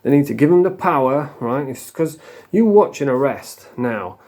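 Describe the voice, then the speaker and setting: A man's voice: medium pitch, lively intonation, moderate pace, a little mellow. Angry sweary South Yorkshire man ranting. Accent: South Yorkshire English. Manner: angry, heavily swearing, scornful; rambling with mocking put-on voices. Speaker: vlogger. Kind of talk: casual rant to camera.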